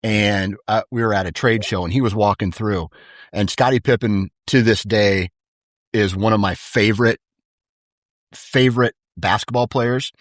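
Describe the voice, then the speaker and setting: Laid-back storytelling man, low voice. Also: moderate pace, dry recording, clean studio sound. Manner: animated storyteller, laid-back, says "dude" a lot. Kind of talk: casual chat.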